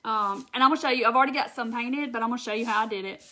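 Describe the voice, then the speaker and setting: A woman's voice: a little high, racing, pushed and bright. A Southern woman from Mississippi hosting a casual craft livestream, folksy and chatty, reading viewer comments aloud.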